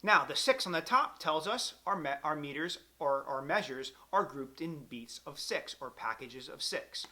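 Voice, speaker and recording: Bright-voiced male music teacher. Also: a little high, sing-song, normal speed, few pauses. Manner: counts beats aloud, patient and encouraging. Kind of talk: clarinet lesson.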